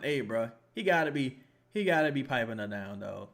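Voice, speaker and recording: Animated, joking man reacting to a game. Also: mid-range voice, fairly quick. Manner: animated, joking, profane and rambling. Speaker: fan watching a basketball game live. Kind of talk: casual live game reaction commentary.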